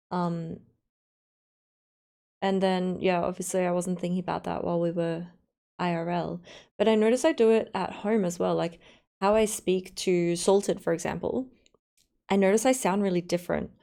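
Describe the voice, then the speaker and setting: Brief: young Australian woman, live-stream chatter, low-ish gravelly tone. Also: a little mellow. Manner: chatty, self-reflective, quick asides. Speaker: streamer editing her own video. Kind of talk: casual live-stream chat.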